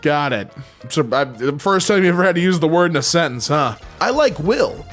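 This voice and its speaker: A man's voice: a little high, very animated, fairly quick, fairly bright tone, faint music behind. A young man reading funny posts aloud and reacting with jokey, mock-confused commentary.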